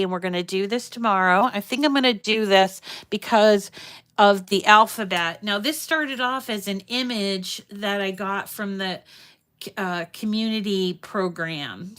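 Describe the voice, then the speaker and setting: A woman hosting a casual crafting livestream, chatting warmly with viewers and reading their comments aloud. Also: medium pitch, clean tone. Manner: talks sweetly to her dogs in a raised voice.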